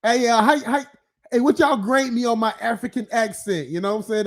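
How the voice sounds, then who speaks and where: A man's voice: sits high, fairly quick. A man hosting an open-topic live stream, ranting casually and profanely with frequent laughs and filler phrases. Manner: profane, rambling, laughs often, filler-heavy.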